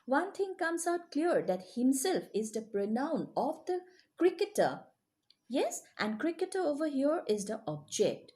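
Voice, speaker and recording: A woman teacher explaining grammar to children, checking often that they follow. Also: on the high side. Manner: lively, checks understanding often.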